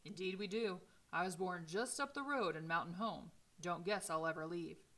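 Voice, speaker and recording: A woman voicing an energetic man of about seventy who owns a small-town newspaper, with a high-pitched voice and a folksy, blunt manner. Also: normal speed. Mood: hearty.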